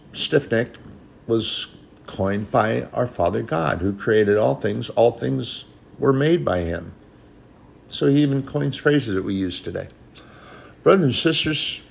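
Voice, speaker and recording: A man's voice: mid-range voice, creaky, slight background noise. A man preaching a sermon, quoting scripture in an old-style cadence and building to emphatic, rising passages.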